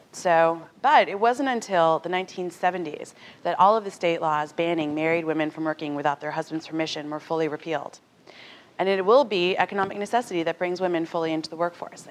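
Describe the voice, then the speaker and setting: A woman in her thirties giving a talk to an audience in a conversational, animated way, often acting out what others said. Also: on the low side. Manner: animated, conversational, acts out quotes. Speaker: speaker at a talk.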